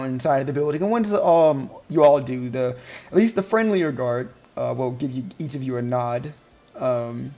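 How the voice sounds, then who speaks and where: A game master narrating a tabletop game at a middling pitch. The narration is descriptive and unhurried, broken up by frequent ums and uhs. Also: dark tone.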